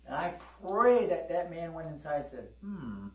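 Speaking at a normal pace in a fairly high, animated voice, a middle-aged man tells stories during a sermon and calls out to the congregation. He is far from the microphone in an echoey church hall.

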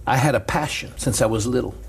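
This middle-aged preacher talks fast, his mid-range voice carrying vocal fry and a breathy edge. As a talk show guest, he tells a story in casual chat, animatedly voicing the people in it and laughing frequently.

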